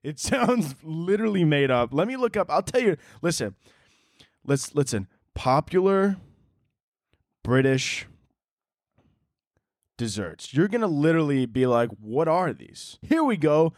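A young man riffing alone on his comedy podcast, profane and self-mocking, often laughing at his own bits. His voice sits a touch high. The recording is dry and close. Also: big pitch swings, a little slow, long pauses, no room sound. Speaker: podcast host. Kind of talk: casual comedic podcast monologue.

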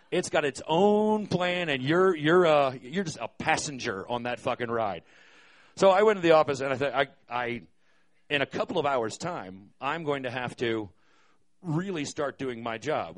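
Wry, profane male storyteller. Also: medium pitch. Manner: wry, profane, hesitant with many fillers. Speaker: storyteller, concert venue manager. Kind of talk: live stage storytelling.

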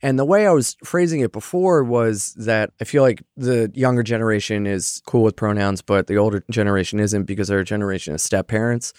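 A young male stand-up comic talks in a loose, rambling way, peppering his speech with fillers and curse words. His voice sits at an ordinary pitch and sounds dry and close, with no room around it. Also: fairly quick, few pauses, a little mellow, no room sound. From Philadelphia area. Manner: loose and conversational, with frequent fillers and swearing. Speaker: stand-up comedian. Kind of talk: casual interview chat.

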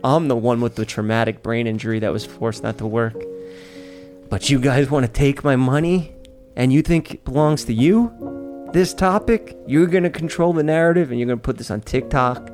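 A man from Staten Island, delivering an animated, profane, mock-outraged monologue as a podcast host, with faint music behind him. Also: medium pitch, normal speed. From Staten Island, New York. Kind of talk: ranting comedic monologue. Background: faint sad music.

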